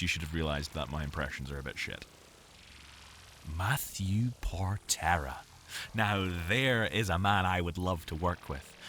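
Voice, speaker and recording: A male voice actor chats in a loose, rambling monologue from his home audio booth. He is jokey and self-mocking. His low voice has a bright, forceful edge and is caught close on a studio mic. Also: slight background noise. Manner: jokey and self-mocking, full of fillers and restarts.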